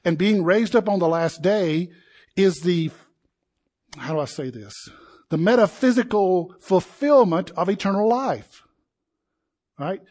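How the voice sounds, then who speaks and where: A man preaching a sermon in an animated way, acting out the crowd's voices and building to indignant peaks. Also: a little high, breathy edge.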